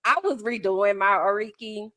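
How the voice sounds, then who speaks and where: A woman co-hosting a casual podcast, talking in an animated, playful way and stretching words for emphasis. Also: mid-range voice, moderate pace. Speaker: podcast co-host.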